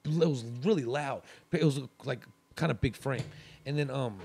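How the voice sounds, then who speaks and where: A man's voice: medium pitch, moderate pace, a little mellow, a little hiss or hum. A male comedian guest on a podcast telling a story in a loose, rambling way with many restarts. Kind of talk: casual storytelling.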